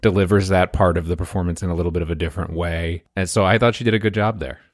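A man from the South, co-hosting a podcast in casual, halting chat. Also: low-pitched, fairly even intonation, no echo, studio quality. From Southern US, Louisiana. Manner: halting, restarts often, thoughtful. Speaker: podcast co-host.

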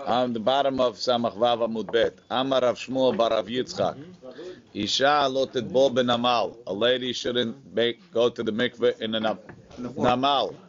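A man's voice: mid-range voice, fairly even intonation, moderate pace, dull audio. A man teaching a Talmud class, chanting the Aramaic text and then explaining it in plain English, with the odd joke to his students. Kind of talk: Talmud class, reading and translating.

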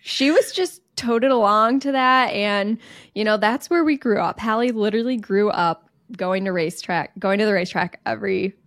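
A young woman co-hosting a podcast, telling a childhood story in an animated way and laughing often. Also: medium pitch, normal speed, dry recording, clean studio sound. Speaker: podcast co-host. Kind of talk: casual storytelling chat.

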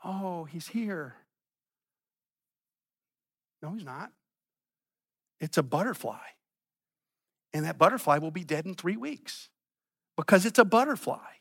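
A man with a high, bright voice preaching a sermon in church. He repeats phrases for emphasis and moves between loud and quiet passages. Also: very animated, moderate pace, creaky, pauses often, slightly rough. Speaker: pastor.

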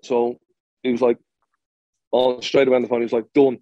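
A man's voice: mid-range voice, completely flat delivery, brisk, dark tone, no room sound, dull audio. A man who played professional football, telling a story in an interview, blunt and swearing freely, with lots of restarts.

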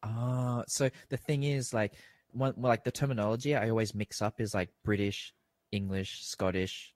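A young Australian man chatting casually on a video call, rambling with lots of fillers and quick apologies. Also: on the low side, steady tone, a little mellow, no echo. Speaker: interviewee. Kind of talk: casual chat.

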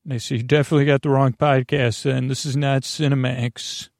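Rambling, creaky-voiced sleep podcast host. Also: male voice, medium pitch, level tone, fairly quick, a little mellow, dry recording, studio quality. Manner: meandering, self-deprecating, many restarts and fillers. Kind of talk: rambling bedtime monologue.

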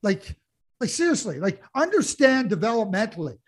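A man's voice: high-pitched, sing-song, normal speed. A man co-hosting a casual sports chat, talking passionately with lots of restarts and repeated words. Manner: passionate ranting, frequent restarts. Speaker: podcast co-host.

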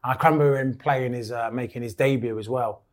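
A man's voice: medium pitch, fairly even intonation, fast talker. Rambling English man telling stories. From England. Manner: rambling storyteller, many restarts. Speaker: guest, former footballer. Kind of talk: casual chat.

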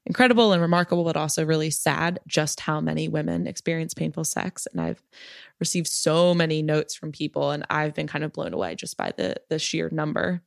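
Woman podcast creator, frank and chatty interview guest, low gravelly voice, dry sound. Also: animated, fairly quick, no room sound. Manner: frank, chatty, many filler words. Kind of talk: casual interview chat.

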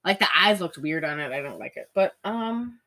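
A woman with a bright, sharp-edged voice chats casually about a movie. She rambles and giggles through her retelling and drops sarcastic asides. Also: low-pitched, animated, moderate pace. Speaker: podcast co-host recapping a movie. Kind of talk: casual chat.

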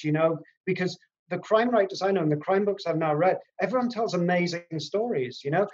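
A man, a crime writer, chatting on a podcast in a hesitant, rambling way. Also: fairly high pitch. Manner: rambling, hesitant, full of fillers. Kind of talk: casual podcast chat. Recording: dull lo-fi sound.

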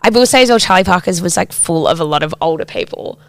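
A woman's voice: lowish voice, expressive, fast, creaky, no room sound. A woman, co-hosting a casual podcast chat, sweary and full of "like". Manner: chatty, sweary, heavy use of "like". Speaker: podcast co-host.

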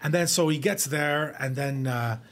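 A man's voice: a little high, a bit bright. A man on a podcast telling rowdy family stories in casual chat, swearing and laughing as he goes. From Montreal. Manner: fast, profane, laughing while telling stories. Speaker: podcast co-host. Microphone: podcast studio mic.

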